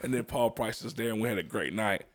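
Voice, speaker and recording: Talking fast in a fairly low voice, a young man relates his personal testimony during a casual chat. His telling is earnest, full of laughter and restarts.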